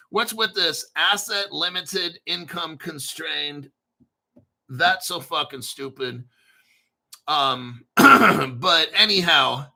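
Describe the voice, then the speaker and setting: A man hosting a crypto video in a casual, blunt and profane rant, clearing his throat often. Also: a little high, bright, forceful tone. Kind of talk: casual ranting commentary.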